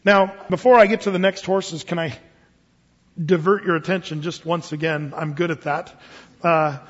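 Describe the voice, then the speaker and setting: Man, pastor, high-pitched; casual sermon style with stumbles; dull recording in an echoing sanctuary. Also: fairly even intonation, moderate pace. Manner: conversational preaching with frequent restarts and fillers. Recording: dull lo-fi sound with long hall reverb.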